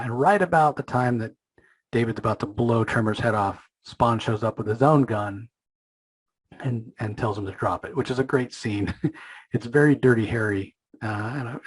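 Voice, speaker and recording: A man with a somewhat husky, breathy voice at an ordinary pitch talks through a comic issue in a loose, conversational way. He is opinionated and thinks aloud, often restarting sentences and leaning on fillers. The sound is close and dry. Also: dry recording. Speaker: comic book reviewer and channel host. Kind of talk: casual comic recap commentary.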